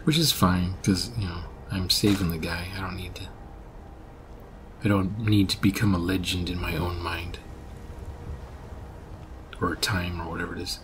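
A man giving casual gameplay commentary, rambling and correcting himself, sometimes trailing off into quiet mutters. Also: deep voice, fairly even intonation, normal speed, pauses often, noisy background.

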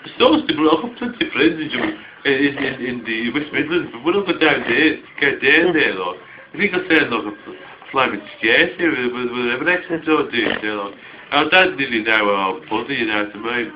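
A man's voice: mid-range voice, lively intonation, a little fast, slight background noise. A man rambling and swearing in a casual late-night chat at home while drinking. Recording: dull home video, 80s radio playing.

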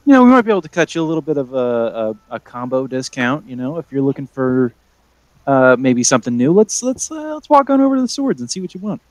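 A man's voice: mid-range voice, sing-song, quick pace, dry recording, natural voice. Guy playing a chatty shop clerk pushing gear, umms a lot, dry close mic. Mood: salesy. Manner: upselling, hesitant with fillers. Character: friendly male weapon shop clerk, pushy salesman.

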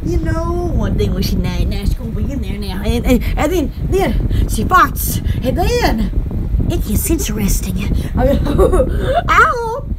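A woman's voice: fairly high pitch, big pitch swings, measured pace, heavy background noise. A woman hosting an online shop chat, rambling, giggling and gasping between exclamations. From Alabama.

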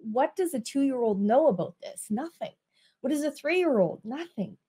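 Woman coach talking to her viewers, kinda high voice, stretches her words out. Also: animated, mellow, slightly rough. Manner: unhurried, drawn-out words, asks listeners if they follow. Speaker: business coach. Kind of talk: casual talk to camera.

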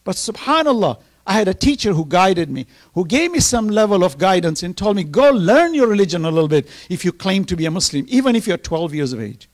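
A man's voice: sits high, big pitch swings, fairly quick, hardly any pauses. A middle-aged man telling personal stories with emotion in an earnest sermon, reciting scripture at times. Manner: emotional, earnest storytelling, reciting Quranic verses. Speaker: speaker at a Ramadan program.

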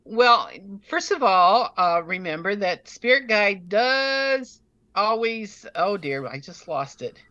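A woman's voice: mid-range voice, expressive, takes it slowly, bright, forceful tone, dull audio. A woman co-hosting a casual spiritual podcast, chatty and self-deprecating, her throat a bit irritated from smoke. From United States. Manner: chatty, self-deprecating, laughs at own stories. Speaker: podcast co-host.

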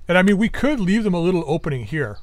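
A man giving casual gameplay commentary, thinking aloud as he plans, his voice going a bit hoarse. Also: high-pitched, very animated, fast, no echo. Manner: thinking aloud, musing and planning.

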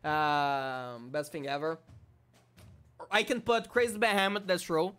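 Excitable man commenting on his game. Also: fairly high pitch, a little slow, clear, resonant tone, faint music behind. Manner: excitable, swings from muttering to shouting. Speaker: gaming YouTuber. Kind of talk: casual gameplay commentary.

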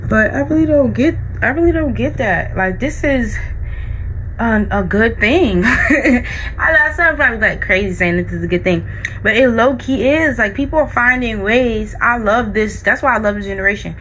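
A woman's voice: on the high side, animated, normal speed, fairly bright tone, a little hiss or hum, low-quality recording. Chatty woman vlogger. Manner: rambling, full of likes and restarts. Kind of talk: casual chat.

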